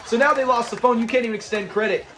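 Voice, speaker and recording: A man's voice: very high voice, very fast. A man hosting an episode breakdown, talking enthusiastically and acting out quoted lines. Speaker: channel host.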